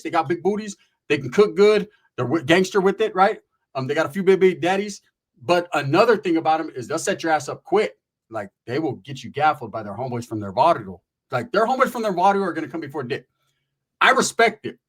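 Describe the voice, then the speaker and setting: A man's voice: a little high, fast talker, husky. A man from Northern California telling a wild personal story in casual, profane street slang sprinkled with Spanish words, acting out the people in it. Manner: animated, acts out the people in his story.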